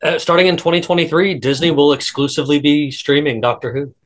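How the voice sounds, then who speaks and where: A man's voice: on the high side, fast. A man in a casual podcast chat, chiming in with brief agreements.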